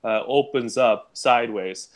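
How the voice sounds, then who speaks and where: A man acting as game master, describing scenes to the players with many pauses and fillers. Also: medium pitch. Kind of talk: narrating a tabletop game.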